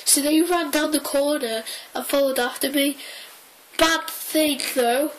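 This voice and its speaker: A young woman tells a story in a high, unhurried voice. She rambles excitably, piles on fillers and restarts her sentences. A faint hiss sits behind her. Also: poor audio. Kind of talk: casual storytelling.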